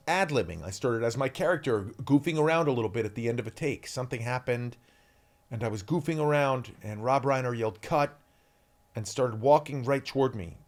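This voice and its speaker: A man in his forties, an actor guest, telling candid stories in an interview with lively energy. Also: mid-range voice. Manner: energetic, animated, shouts out quoted lines.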